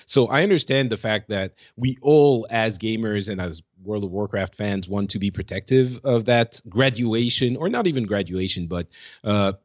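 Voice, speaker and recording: A man co-hosting a casual gaming podcast, thoughtful and measured, often restarting phrases. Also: on the low side, dry recording, studio quality. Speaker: podcast co-host.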